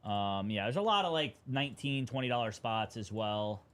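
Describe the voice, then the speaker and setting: A man's voice: mid-range voice, normal speed. Casual young man hosting a card break. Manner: casual, excitable on big hits. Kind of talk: live stream breaking commentary.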